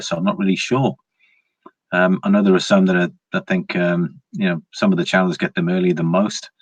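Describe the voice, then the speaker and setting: A man's voice: sits low, no room sound. A man hosting a casual live stream, chatting easily and reading viewer comments aloud. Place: indoors at home, evening.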